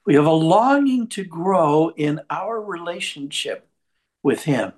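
Animated male preacher telling a story. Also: on the high side, slow pace. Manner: lively storyteller, shifts pace for effect. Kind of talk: sermon with personal anecdote.

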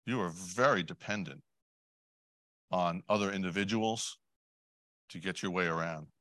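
A man preaching a sermon in a conversational way, putting questions to the congregation, adding asides and clearing his throat often. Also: low voice, a little slow, a bit bright, dry recording. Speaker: lay preacher.

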